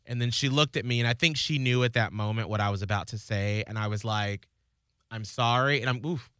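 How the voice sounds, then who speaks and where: Male morning-show host: bright, ringing voice, dry close sound, earnest storyteller who acts out his quotes. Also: medium pitch, a little fast, clean tone, no echo. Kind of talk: casual on-air chat.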